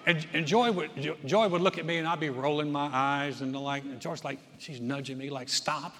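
A man's voice: a little high, brisk, a little hiss or hum. A man preaching a sermon as pastor, telling stories and acting out the people in them. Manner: animated storyteller, acts out quoted voices. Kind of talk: sermon with storytelling. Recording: long church reverb.

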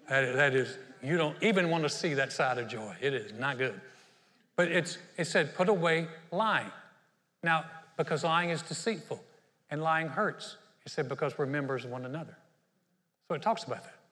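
A middle-aged man preaching a sermon as pastor, humorous and animated, telling stories with playful asides. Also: on the high side, long reverb tail.

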